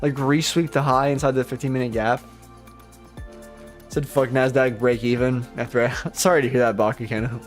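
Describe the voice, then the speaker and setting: A man's voice: mid-range voice, little pitch movement, moderate pace, soft background music. A young man trading on a live stream, rambling casually, swearing often, and poking fun at himself. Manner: rambling, profane, self-deprecating. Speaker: live-stream futures trader.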